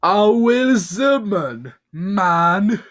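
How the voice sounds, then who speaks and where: A man's voice: on the high side, expressive, slow, voice pushed up. A man voicing an unhinged cartoon builder who rants and screams in a raised, manic voice. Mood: ranting. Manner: yelling, manic, ranting.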